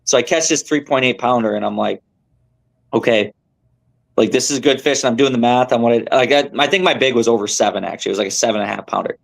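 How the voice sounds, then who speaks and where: Gravelly young man telling a fishing story. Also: medium pitch, fast talker. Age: young adult. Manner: animated, rambling, lots of fillers and self-corrections. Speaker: tournament angler guest. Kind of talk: casual storytelling on a podcast.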